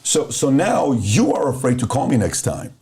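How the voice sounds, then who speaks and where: A man's voice: mid-range voice, huge pitch swings, normal speed, dark tone. A man in casual motivational podcast talk, telling a hypothetical story and walking through his points one by one. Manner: conversational storyteller, spells out points as one, two, three. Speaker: podcast host.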